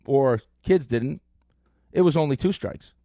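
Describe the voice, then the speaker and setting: A middle-aged man hosting a sports radio show, telling stories in an animated way with lots of fillers, on a close studio mic. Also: medium pitch, measured pace, creaky, no echo. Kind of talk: casual sports talk.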